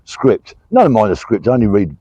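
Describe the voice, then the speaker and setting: A man's voice: on the low side, wildly swooping pitch, warm tone, breathy edge, no echo, lo-fi sound. Chatty older British man vlogging outdoors. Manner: chatty, friendly, many pauses and restarts. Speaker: vlogger and army veteran. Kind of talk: casual vlog, reading out supporter names. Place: walking outdoors, pulled over at the roadside.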